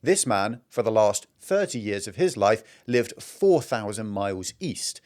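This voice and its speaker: A man's voice: on the low side, very animated, a little slow, a little mellow. A British man giving opinionated commentary over news clips, emphatic in his delivery. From Britain. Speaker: political commentator.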